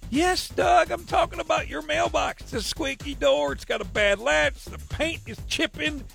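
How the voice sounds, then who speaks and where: Radio host doing a nosy retired mailman, high and gravelly. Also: moderate pace, fairly bright tone, soft background music, full character voice. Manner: rambling, hesitant, mock-aggrieved. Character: chatty nosy retired male mail carrier. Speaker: radio host pranking a caller. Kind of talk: prank phone call bit.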